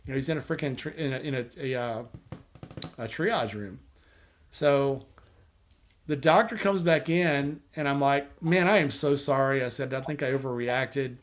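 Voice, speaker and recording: A man's voice: mid-range voice, normal speed. A man hosting a casual chat with friends, telling a long rambling anecdote full of quoted dialogue and restarts. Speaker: host.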